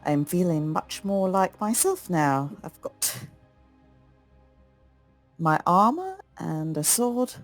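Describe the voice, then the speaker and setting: A player doing a polite woman knight, raised voice, gravelly, unhurried. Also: medium pitch, sing-song, faint music behind, pitched above the performer's own voice. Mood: courteous. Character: proud armored woman knight.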